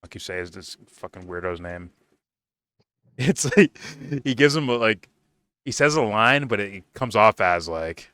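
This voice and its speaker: A man's voice: fairly low pitch, expressive, unhurried, a bit bright, clear, resonant tone, dry recording. A man giving a casual, profane TV review, rambling loosely with lots of "like" and restarts. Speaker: TV show reviewer.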